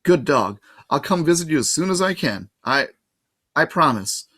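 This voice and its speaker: A man's voice: fairly high pitch, sing-song, normal speed, bright, forceful tone, pitched above the performer's own voice, heavily acted. Storybook girl, around twelve, brave and commanding, read by a man. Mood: wistful. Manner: firm, commanding. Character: brave, bossy twelve-year-old girl.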